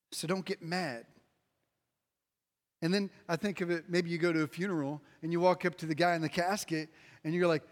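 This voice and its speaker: A man preaching a sermon to a room, emphatic and repetitive, swinging between loud pushes and quiet drops. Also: fairly high pitch, steady tone, a little fast, pauses often. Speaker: pastor. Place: large room with an audience. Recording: long hall reverb.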